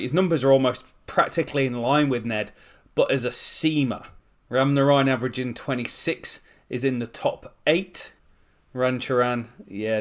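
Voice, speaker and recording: A man talks through a let's-play session in a voice of ordinary middle pitch. He is chatty and excitable, cracking jokes between stretches of commentary. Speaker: gaming channel host.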